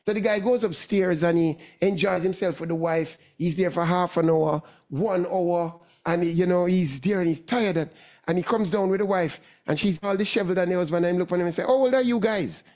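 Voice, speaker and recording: A man hosting a sports talk show, animated, with many restarts and repeated words. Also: sits high, brisk. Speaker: radio sports talk host. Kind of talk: casual talk show chat.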